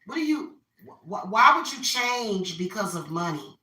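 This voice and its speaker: Carving a pumpkin, a spiritual reader and vlogger vents her opinions in a loose rant, circling back to the same points. Her mid-range voice swings widely in pitch, unhurried and sharp in tone, and she sits far from the mic in an echoey room.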